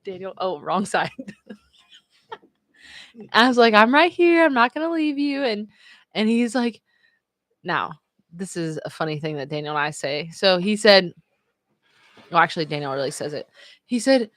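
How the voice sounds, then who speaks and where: A woman's voice: on the low side, measured pace, long pauses, fairly bright tone, no echo. A woman hosting a casual live stream, telling a story in a chatty way, filling her talk with "like" and "you know" and laughing often. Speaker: livestream host.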